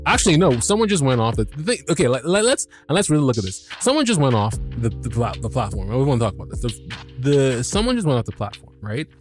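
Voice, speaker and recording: A man hosting a review podcast, talking in a loose and animated way. He swears freely, stumbles over restarts and fillers, and has a middle-pitched voice with faint music underneath. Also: quick pace. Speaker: podcast host. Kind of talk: casual episode recap.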